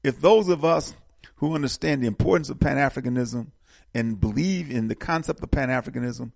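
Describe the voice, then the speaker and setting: A man's voice: mid-range voice, brisk, gravelly, a little mellow, no echo, clean studio sound. A man hosting a casual political talk show, speaking with passion and often repeating words as he builds momentum. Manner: impassioned, repeats words when fired up.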